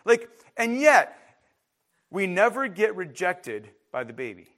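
A man's voice: sits high, sing-song, measured pace, fairly bright tone. A man preaching a sermon in an emphatic, conversational way, with frequent restarts and asides to the congregation. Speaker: pastor.

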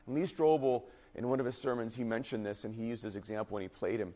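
A man preaching a sermon in an earnest, emphatic way, and his voice at times falters and turns quiet and husky. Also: medium pitch, fairly even intonation, fast talker. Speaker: pastor.

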